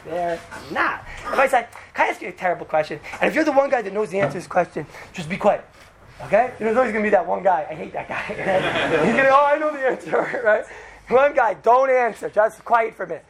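A man giving an informal religious talk to a group, telling a rambling, animated story full of "right?" asides. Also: sits high, fast talker. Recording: noisy background hiss.

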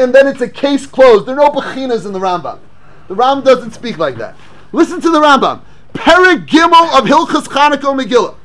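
Guy teaching torah, really high voice, animated, keeps firing questions at the room. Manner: animated, rhetorical questions, Yeshivish English with Hebrew and Yiddish terms. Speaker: rabbi teaching Torah class. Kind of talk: Torah lecture.

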